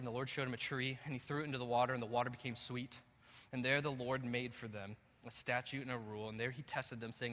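A male pastor preaching a sermon in a church, moving between calm teaching and loud, emphatic passages. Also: medium pitch, fairly quick, a little hiss or hum. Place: church sanctuary. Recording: echoey hall reverb.

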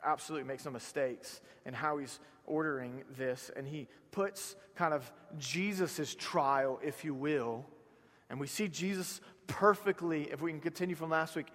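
A man from South Georgia with a Southern accent, preaching a sermon as a pastor. He swings from hushed lines to loud, rising ones and repeats words for emphasis. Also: on the high side, moderate pace, in a large hall.

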